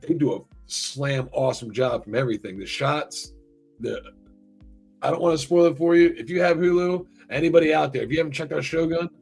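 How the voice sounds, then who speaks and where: A man hosting a casual podcast, talking in a profane, rambling, animated way. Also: a little high, brisk, creaky, slightly rough, faint music behind. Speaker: podcast host. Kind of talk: casual chat.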